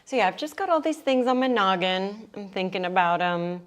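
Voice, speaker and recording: A young woman hosting a yoga livestream and chatting with viewers, bubbly and excitable, dropping to quiet asides. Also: mid-range voice, moderate pace. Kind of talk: casual chat greeting viewers. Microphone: livestream mic.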